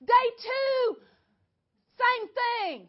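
A woman teaching a Bible class in an animated way, often quizzing her listeners. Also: very high voice, extremely slow, shouting, highs cut off.

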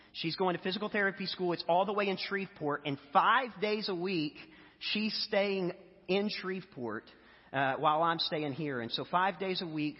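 Male pastor, high and husky, chatty storytelling sermon, big echoey hall on a dull, lo-fi recording. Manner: conversational storytelling with fillers.

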